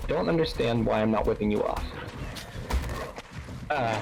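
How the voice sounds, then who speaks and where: A man's voice: medium pitch, measured pace, vocal fry, darkish tone, slight background noise, rough recording. A man joking and teasing himself while talking with the host over game voice chat. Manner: joking, self-mocking. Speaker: viewer playing along.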